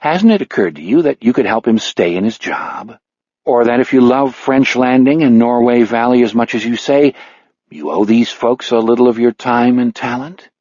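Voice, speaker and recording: A man voicing a blind, dry-witted older man in an audiobook, measured and blunt, with a husky tone. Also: medium pitch, lively intonation, darkish tone, no echo, muffled recording, natural voice. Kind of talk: audiobook character voice.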